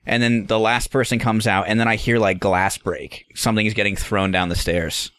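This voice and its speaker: A man co-hosting a podcast, telling a story in an animated, profane, casual way. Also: lowish voice, moderate pace, no room sound, studio quality. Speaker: podcast co-host.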